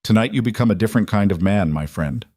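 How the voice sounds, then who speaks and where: A man's voice: fairly low pitch, quick pace, darkish tone, no echo, clean studio sound, natural voice. A man voicing a sly, worldly older Greek mob boss with a Greek accent, speaking in a confiding, insistent way.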